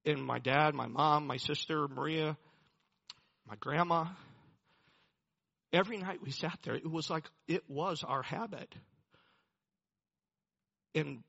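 Husky, bright-toned man preaching. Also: fairly high pitch, lo-fi sound. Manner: earnest, personal storytelling that swells to emphatic preaching. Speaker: pastor. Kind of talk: sermon.

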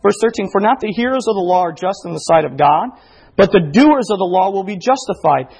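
A man preaching a sermon, reading scripture aloud and building to emphatic, animated points. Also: sits high, fairly quick, creaky, husky. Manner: preaching with rising emphasis and quoted exchanges. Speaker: pastor.

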